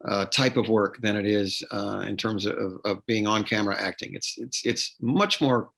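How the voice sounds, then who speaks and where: A man's voice: lowish voice, moderate pace, gravelly, a bit bright. A man, an actor, being interviewed on a podcast, explaining at length with frequent fillers and restarts. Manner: explanatory, repeats words, many fillers and restarts. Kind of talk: interview conversation.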